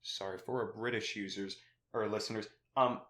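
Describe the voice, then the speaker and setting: A man's voice: fairly low pitch, fairly even intonation, moderate pace, a bit bright, roomy sound. A young man hosting a casual film podcast, laughing often and briefly mimicking characters in silly voices. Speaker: podcast host.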